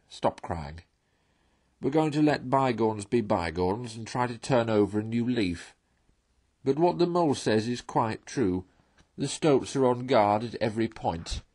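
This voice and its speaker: A man voicing a stern, wise old male badger in a storybook reading, slow and commanding. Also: lowish voice, a little mellow, husky.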